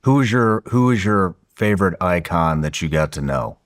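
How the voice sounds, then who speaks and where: A man with a very deep, low voice hosts a podcast in a relaxed, casual way. He asks questions and answers with short exclamations. His talk is loose and informal. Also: normal speed. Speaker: podcast host. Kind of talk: podcast interview.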